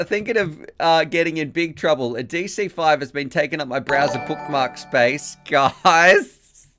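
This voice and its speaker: A man's voice: on the high side, fairly bright tone. A man hosting a live stream, rambling and thankful, laughing often as he reads donations and messages aloud. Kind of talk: casual live-stream chat reading donations.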